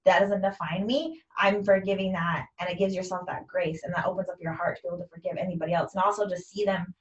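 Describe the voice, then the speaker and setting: A chatty woman who talks loudly and keeps agreeing as she speaks. Her voice sits at an ordinary pitch. She is recorded at some distance from the mic, and the sound is dull. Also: fairly even intonation, quick pace. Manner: loud talker, affirming, chatty. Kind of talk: casual conversation.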